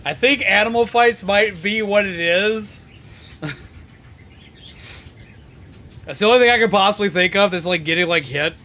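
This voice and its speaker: Male game streamer, high, sharp-edged voice, casual and profane, given to shouted rants. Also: normal speed, a little hiss or hum. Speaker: streamer playing a video game. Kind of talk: casual live-stream commentary.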